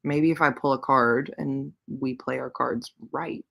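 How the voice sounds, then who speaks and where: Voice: mid-range voice, steady tone, slow pace, vocal fry, bright, forceful tone. A readathon livestream host chatting casually and playfully between reading sprints, with slangy, offhand phrasing. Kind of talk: casual chat while reading.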